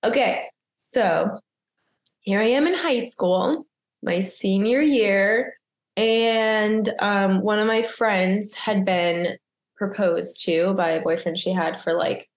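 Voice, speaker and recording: A woman's voice: mid-range voice, takes it slowly. Giggly young woman, roomy echo. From Maynard, Massachusetts. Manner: chatty storyteller, giggly, self-deprecating. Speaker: wedding photographer, podcast co-host. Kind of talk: casual chat. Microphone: video call.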